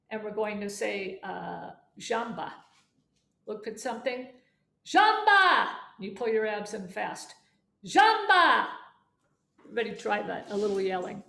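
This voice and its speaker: A woman's voice: on the high side, creaky. A woman teaching a voice lesson, coaching students through exercises and demonstrating sounds aloud. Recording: echoey room with faint instrument.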